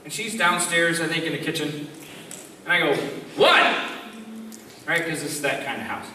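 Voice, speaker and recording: Late-20s youth leader guy, high bouncy voice, funny stories, echoey hall, mic far off, background noise. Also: a little fast. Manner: animated storyteller who jumps high when acting out voices. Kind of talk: humorous camp talk to a youth audience.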